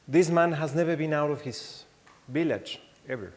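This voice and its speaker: Mexican-accented man giving a keynote in a big hall, stops and restarts a lot, acts out voices, lingering reverb. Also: fairly high pitch. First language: Spanish. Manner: halting, with many restarts and fillers; animated storytelling, acts out quoted voices. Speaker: keynote speaker. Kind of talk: conference keynote anecdote.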